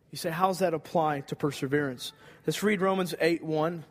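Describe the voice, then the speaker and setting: A man's voice: fairly high pitch, moderate pace. A man preaching a sermon, earnest and emphatic, repeating key phrases for weight. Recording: long hall reverb.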